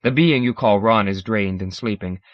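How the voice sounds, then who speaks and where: A huge male alien elder who speaks with grave, formal reproach, as a male audiobook narrator voices him. The delivery is measured and severe. The recording is dry and a little dull. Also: on the low side, no room sound, close to an everyday voice. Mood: stern.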